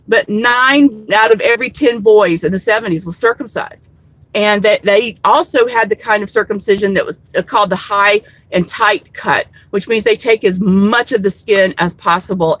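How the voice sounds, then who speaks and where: A woman's voice: mid-range voice, fairly bright tone, no echo, rough recording. A woman vlogger telling a story to her viewers in a rambling, candid way, swearing freely. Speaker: activist vlogger.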